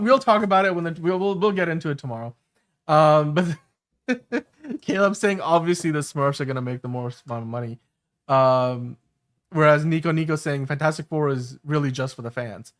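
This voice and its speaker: Man, somewhat high voice, easygoing host, reads viewer comments. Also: a bit bright. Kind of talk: casual live-stream chat.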